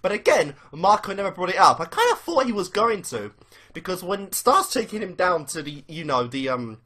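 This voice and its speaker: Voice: medium pitch, fairly bright tone, slightly rough. A young adult fan giving casual, rambling commentary on a cartoon, with lots of fillers and swearing. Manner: rambling, full of "you know" fillers and swearing. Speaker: fan reacting to a cartoon episode.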